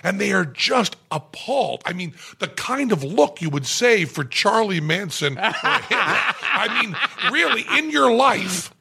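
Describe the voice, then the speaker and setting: A middle-aged man telling a long anecdote as a podcast guest, in an animated, profane, self-mocking way, recorded on a podcast mic in a club room. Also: high voice, a little slow, gravelly, hardly any pauses, noisy background. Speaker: guest storyteller.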